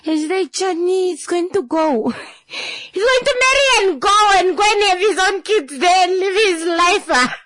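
A weepy older auntie wails in a high, loud voice, crying over her words, as a woman puts her on. She swings between two languages as the sobs take hold. The voice is close and dry. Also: lively intonation, fast, hardly any pauses, no room sound. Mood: tearful wailing. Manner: wailing, mixing in another language.

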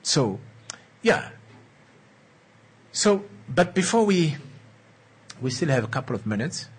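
A man's voice: a little high, big pitch swings, breathy edge. A man giving an earnest motivational talk on relationships, repeating key lines and checking in with his listeners. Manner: earnest, coaxing, slow and emphatic. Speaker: relationship speaker.

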